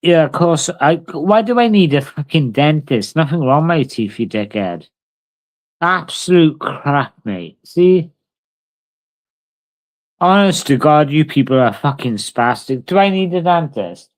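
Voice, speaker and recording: Casting: bloke, brash live-streamer, sweary and combative with chat, slightly higher voice. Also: male voice, animated, a little slow. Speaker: livestreamer.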